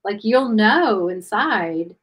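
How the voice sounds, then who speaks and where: A woman of middle pitch chats casually as host, wandering through her thoughts with fillers and restarts. She talks from home about her pets. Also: expressive, takes it slowly, a bit bright, husky, poor audio. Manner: chatty, rambling, many fillers and restarts. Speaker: podcast host. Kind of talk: casual chat.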